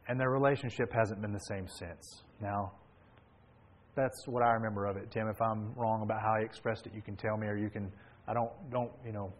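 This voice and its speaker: A man preaching a sermon and retelling a story, swinging between hushed and emphatic delivery. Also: fairly low pitch, fairly even intonation, fairly quick, poor audio.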